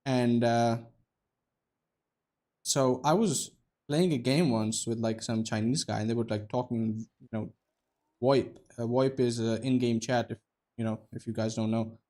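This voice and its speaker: A man's voice: mid-range voice, fairly even intonation, a little slow, a little mellow. A young man giving casual, profane, joking commentary while streaming a game, rambling between stories and play.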